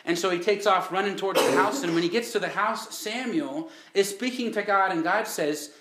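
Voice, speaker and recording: A man's voice: high-pitched, normal speed, fairly bright tone, reverberant. A man preaching a sermon, telling the story in a folksy way with rhetorical questions.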